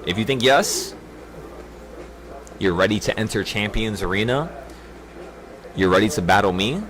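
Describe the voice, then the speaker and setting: A man's voice: fairly low pitch, normal speed, noisy background. A man leading a trading group, giving an intense, preachy livestream pep talk with profanity and a lot of repetition.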